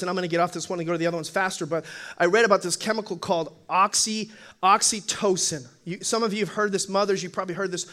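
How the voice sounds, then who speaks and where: A male pastor preaching a humorous sermon in church, telling animated stories and acting out voices with frequent laughter. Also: high-pitched. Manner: animated storytelling, acts out voices, laughs often.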